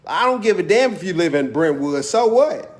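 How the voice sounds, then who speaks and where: Heated high-voiced man with AAVE speech. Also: expressive, moderate pace. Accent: African American Vernacular English. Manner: heated, preachy, repeats phrases for emphasis, slangy. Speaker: video host. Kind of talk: impassioned monologue.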